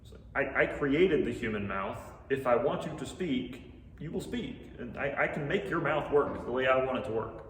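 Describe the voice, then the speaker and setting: A man's voice: mid-range voice, animated, moderate pace, slight background noise, lightly acted. A man voicing a firm, commanding God. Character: commanding male deity, firm and impatient. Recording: echoey hall from far off.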